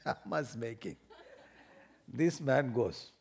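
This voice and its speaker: A man's voice: mid-range voice, lively intonation, very slow, creaky. A man with an Indian English accent giving a spiritual discourse, telling funny everyday stories, laughing often and acting out little scenes.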